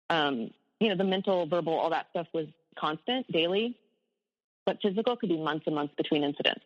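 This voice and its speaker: A woman's voice: low-pitched, fairly quick, long reverb tail, muffled recording. A woman, an abuse survivor, telling her story candidly in an interview, with rueful laughs at hard memories.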